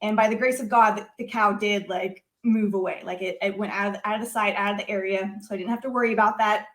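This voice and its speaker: A woman, a guest on a talk show, telling a personal story in an animated conversational way with many filler words. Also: mid-range voice, fast. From United States. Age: adult.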